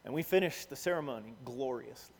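A man preaching a sermon, telling a story with lively, acted-out quoted voices. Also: mid-range voice, fast talker, slight background noise. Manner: animated, acts out quoted voices. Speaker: pastor. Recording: long hall reverb.

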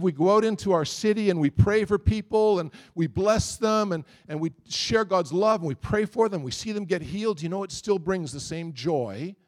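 A middle-aged man preaching a sermon, telling a story in a lively way and voicing the people in it. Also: high voice. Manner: storytelling, animated, quotes others.

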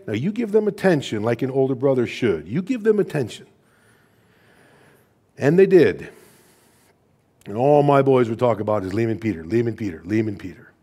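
Earnest high-voiced male pastor. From United States. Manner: earnest storytelling, emotional personal anecdotes. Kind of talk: sermon.

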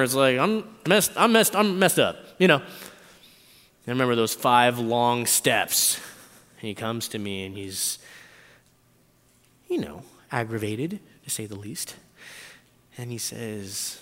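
Animated male preacher in a reverberant hall. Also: medium pitch, a little slow, long pauses. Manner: animated storytelling, acting out his own thoughts. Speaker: pastor. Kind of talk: sermon with personal story.

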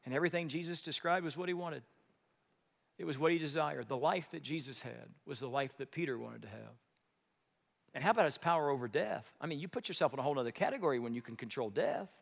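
A male pastor delivering a sermon with a somewhat high voice, telling his stories with dramatic energy. He swings from near-shouts down to hushed whispers. The sound carries a long reverb from a large hall. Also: fast, creaky. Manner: animated storytelling, shouting at high points and dropping to a whisper.

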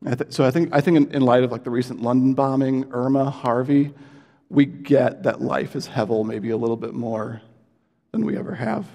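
A man of middle pitch preaches in an earnest, conversational way, often pausing on fillers and restarting his sentences. His voice carries a long reverb, as if he were in a large hall. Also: gravelly, dark tone. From United States. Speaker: pastor. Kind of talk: sermon.

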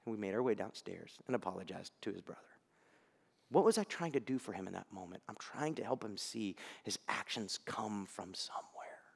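A man preaching a sermon as a pastor, telling stories in an animated way and sometimes dropping to a near-whisper. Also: lowish voice, a little fast, creaky, breathy edge. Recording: echoey hall.

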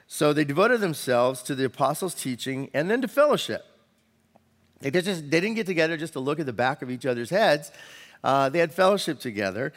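A man preaching a sermon as a pastor, in a conversational way with quick asides and the odd restart. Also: mid-range voice, sing-song. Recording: long hall reverb.

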